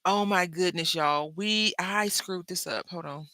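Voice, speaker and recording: A woman hosting a crafting video, chatting and telling stories while she works, acting out quoted lines with big jumps in pitch and dropping to soft murmurs when she concentrates. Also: measured pace, no echo. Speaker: crafting channel host. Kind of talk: casual chat while crafting.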